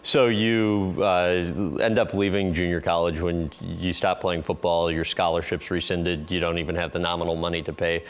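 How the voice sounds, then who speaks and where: Deep-voiced male interviewer. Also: level tone. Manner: measured, recapping the guest's life before asking. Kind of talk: interview questions.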